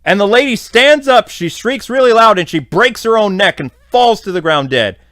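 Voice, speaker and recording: Podcast host, man, somewhat high voice, rambling casual recap, very dry sound. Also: animated, normal speed, a bit bright, no room sound. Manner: rambling, filler-heavy.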